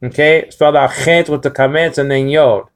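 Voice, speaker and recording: A man teaching a language lesson informally, halting with many fillers and restarts and slowing down to sound out each word. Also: on the high side, fairly even intonation.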